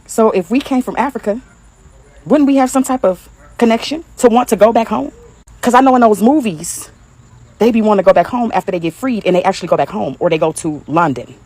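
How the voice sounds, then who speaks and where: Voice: mid-range voice, brisk, darkish tone, dry recording. A speaker with a Detroit accent giving a crude, laughing, mocking rant on social media.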